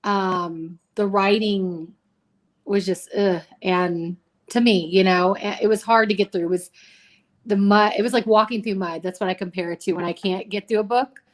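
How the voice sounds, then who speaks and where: A woman in her thirties talks through her thoughts on a novel in a relaxed, rambling way. She circles back often and leans on fillers as she goes. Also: medium pitch, normal speed. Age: 30s. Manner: rambling, many fillers and restarts. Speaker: co-host. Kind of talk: casual book chat.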